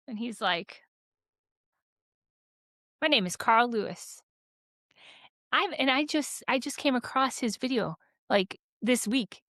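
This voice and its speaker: Chatty animated woman podcast host. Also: high voice, no echo. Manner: animated, chatty storytelling full of "like". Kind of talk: casual chat.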